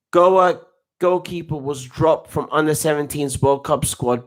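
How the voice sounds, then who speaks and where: Excitable man reacting to football. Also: a little high. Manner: excitable, rambling, with frequent restarts and slang like "bruv". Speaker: football coach and live match reaction streamer. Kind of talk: casual live match reaction and commentary.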